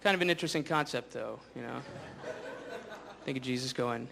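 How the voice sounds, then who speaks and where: A man doing stand-up comedy on stage before a live audience, rambling and sardonic, slipping into quick voices. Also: mid-range voice, creaky. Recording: live stage with noisy crowd.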